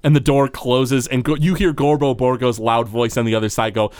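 A man's voice: medium pitch, fairly even intonation, brisk, a little mellow, clear, resonant tone, no echo, studio quality. A man narrating as the game master of a tabletop game, describing scenes loosely and full of fillers.

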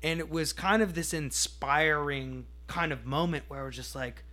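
A man's voice: on the high side, normal speed, sharp tone. A man co-hosting a podcast in casual chat, playful and rambling, joking with his co-host.

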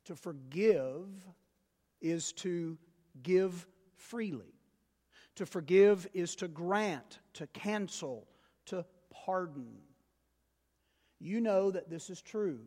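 A man preaches to his congregation in a high, unhurried voice that swells to loud, emphatic peaks. His words ring out with a long reverb that hangs in the sanctuary. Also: animated. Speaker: pastor. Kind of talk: sermon.

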